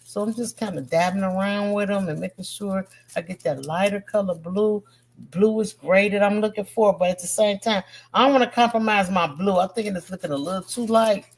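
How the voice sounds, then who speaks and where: A woman's voice: medium pitch, fairly quick. A woman leading a live-streamed painting lesson as an art teacher, chatty and encouraging, talking straight to her viewers and bantering with the chat in a slangy, friendly way.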